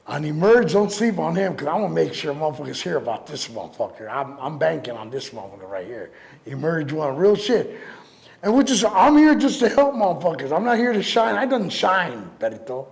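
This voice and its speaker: Man, high gravelly voice, lively swooping delivery, profane storyteller. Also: moderate pace. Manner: profane, acts out quoted voices. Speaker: rapper and DJ guest. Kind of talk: animated storytelling interview.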